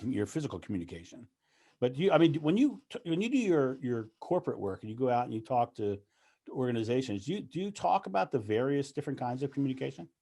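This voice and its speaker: A man's voice: medium pitch, darkish tone. A man interviewing a guest in casual chat, laughing often and restarting his sentences.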